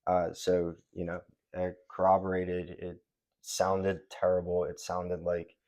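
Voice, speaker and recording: A man interviewing his wife about her arrest, with measured, calm questions. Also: low-pitched. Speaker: husband and interviewer. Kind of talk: conversational interview.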